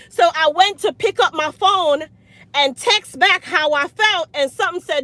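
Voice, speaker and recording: A woman with a Jamaican accent, a hair care business owner telling a storytime, blunt and animated, slipping into patois. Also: very high voice, measured pace, no room sound. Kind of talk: storytime vlog.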